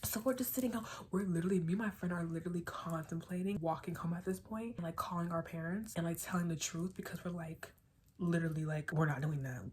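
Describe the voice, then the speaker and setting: Animated young woman telling a story. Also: lowish voice, fast talker, a little hiss or hum. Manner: animated, dramatic, heavy swearing. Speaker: vlogger. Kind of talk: casual storytime.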